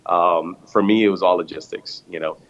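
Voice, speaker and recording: A man's voice: low voice, steady tone, normal speed, a bit bright, dull audio. A man who pastors a church, telling his story in an interview with earnest, repeating restarts.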